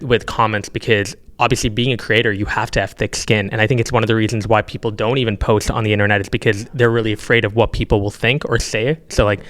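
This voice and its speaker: Brisk man podcast co-host. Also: fairly low pitch, a bit bright. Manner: brisk, talks in long run-on questions. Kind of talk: casual interview chat.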